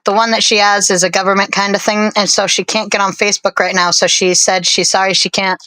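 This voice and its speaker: This is a woman chatting on a live stream, rambling and self-deprecating, and she pauses often with fillers. Her voice sits at a middling pitch. The sound is dry and close, with no room echo. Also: level tone, bright, forceful tone. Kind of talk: casual chat on a live stream.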